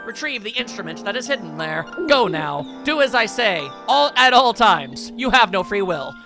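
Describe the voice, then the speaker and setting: A man's voice: high-pitched, big pitch swings, moderate pace, music in the background. A man voicing a bossy old owl guide from a video game, mock-solemn and commanding.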